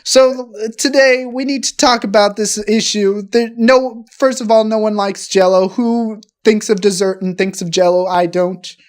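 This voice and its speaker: A man's voice: sits high, fairly even intonation. Rambling, profane man doing improv chat. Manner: rambling, halting, profane, with many restarts. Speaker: podcast co-host.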